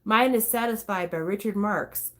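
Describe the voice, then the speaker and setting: A woman's voice: medium pitch, normal speed. A woman hosting a casual talk stream, chatty and swearing, breaking into snatches of songs. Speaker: host. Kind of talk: casual chat.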